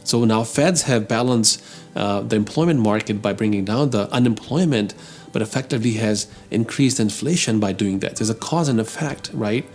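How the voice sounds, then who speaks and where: A man's voice: on the low side, moderate pace, a little mellow, faint music behind. A man hosting an opinionated commentary show on the economy. He talks emphatically, calls his listeners "folks" and grows heated as he argues. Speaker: host.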